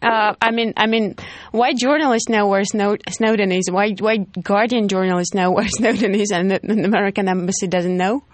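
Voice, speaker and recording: A woman radio host with a Russian accent, interviewing in English with halting restarts and easy laughs. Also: medium pitch, steady tone, dry recording. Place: radio studio. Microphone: studio microphone.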